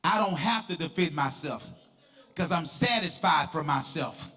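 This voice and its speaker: A middle-aged man, preaching an emphatic sermon as pastor and often shouting in a preaching cadence. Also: a little high, animated, measured pace. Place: church sanctuary. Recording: long church reverb with faint music.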